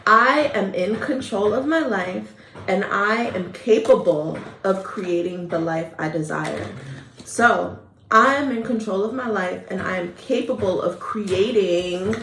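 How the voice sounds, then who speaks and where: A woman giving a tarot reading in a chatty, hyped, affectionate way with casual slang. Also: medium pitch. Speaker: tarot reader. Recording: echoey room, mic at a distance, faint noise.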